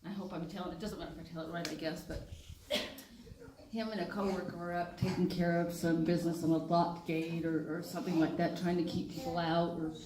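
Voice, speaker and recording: A woman's voice: lowish voice, level tone, a little fast, mellow. An older woman giving a memorial tribute, telling stories animatedly and acting out quotes. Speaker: memorial speaker. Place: memorial service hall. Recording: echoey hall with background noise.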